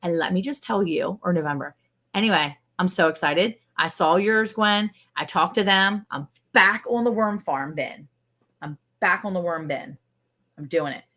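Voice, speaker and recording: A woman co-hosting a casual livestream, chatty and animated, laughing often. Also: lowish voice, normal speed. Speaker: livestream co-host.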